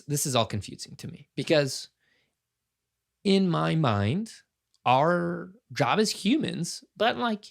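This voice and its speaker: A man's voice: a little high, vocal fry. A man in his thirties hosting his own podcast, talking alone in an earnest, impassioned way and thinking aloud with frequent restarts. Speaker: podcast host. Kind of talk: casual solo podcast commentary.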